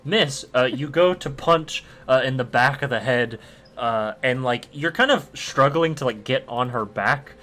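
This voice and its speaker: A young man acting as dungeon master, narrating combat in a relaxed way with plenty of filler sounds, recorded on a home mic over a voice call. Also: medium pitch, a little slow. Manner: easygoing, many "uh" fillers, vivid combat narration. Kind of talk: narrating a tabletop game online.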